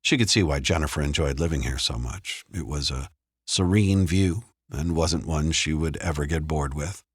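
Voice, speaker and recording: A man reads a thriller audiobook in a measured, steady narrating voice. His voice is extremely deep. The studio sound is close and dry, with no room echo. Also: breathy edge. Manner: measured, even storytelling. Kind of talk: scripted narration.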